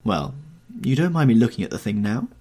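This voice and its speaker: A man's voice: medium pitch, expressive, fairly quick, creaky, dark tone, pitched above the performer's own voice. A man voicing an earnest, devoted middle-aged painter in a storybook reading, pleading and wistful. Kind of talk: audiobook character reading.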